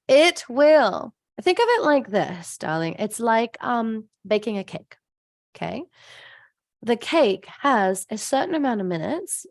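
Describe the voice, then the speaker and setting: A woman's voice: medium pitch, vocal fry, dry recording, clean studio sound. A woman hosting a live stream, chatting with viewers as she answers their comments, laughing often and acting out voices in her stories. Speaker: host of a live stream, abundance coach.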